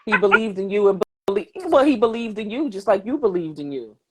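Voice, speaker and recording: A woman's voice: mid-range voice, animated, quick pace, noisy background. A woman hosting a podcast, talking in an encouraging conversational way and repeating phrases for emphasis. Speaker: podcast host.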